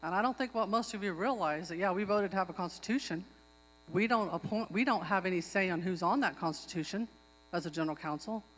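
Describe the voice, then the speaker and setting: At a public tribal meeting held in an outdoor pavilion, a tribal member, a woman, argues for her motion, repeating herself earnestly to stress her points. She talks fast in a fairly low voice, and the recording carries a long hall reverb.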